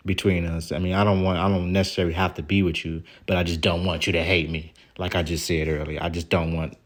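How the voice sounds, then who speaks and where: A man with a very low voice vents to his camera about a falling-out. His talk wanders and doubles back, aggrieved and loose, with casual swearing. It sounds like a personal vlog monologue. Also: little pitch movement, fast talker. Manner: rambling and aggrieved, with casual profanity. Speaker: vlogger. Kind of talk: venting vlog monologue reading out texts.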